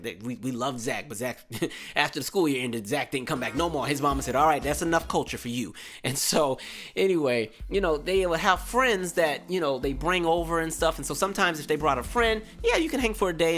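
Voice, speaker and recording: Animated young man telling stories. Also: mid-range voice. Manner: animated, acts out quotes with raised voice. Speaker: podcast host. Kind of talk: casual storytelling.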